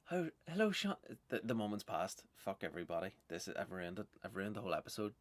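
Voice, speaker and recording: Rambling Northern Irish comedian, low and dry. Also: male voice, steady tone, fast, no echo. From Northern Ireland. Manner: self-mocking, swearing, loose and chatty. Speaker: stand-up comedian and podcast host.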